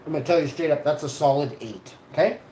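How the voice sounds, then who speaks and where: A man's voice: on the high side, fast. Rambling, swearing man vlogger in an echoey room. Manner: rambling, swears freely, gets loud and laughing when excited. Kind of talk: casual live-stream storytelling. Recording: echoey room, faint ambient noise.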